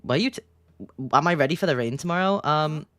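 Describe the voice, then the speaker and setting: Giggly low-voiced woman streamer. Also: animated, fast, fairly bright tone, no echo. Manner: giggly, playful, teasing. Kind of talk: casual commentary while reading a game aloud.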